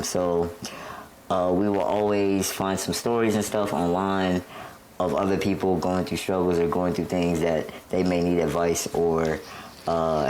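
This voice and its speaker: Young male podcast co-host, very low voice, easygoing delivery with a faint hiss behind him. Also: poor audio. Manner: relaxed, says "bro" often. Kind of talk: casual chat.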